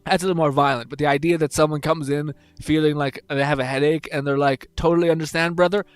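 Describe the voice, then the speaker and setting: A man's voice: on the high side, level tone, fast, clean tone, no echo, faint music behind. Rambling young man with a dry voice. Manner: rambling, swears a lot, laughs often. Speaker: streamer reading chat. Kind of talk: casual livestream chat.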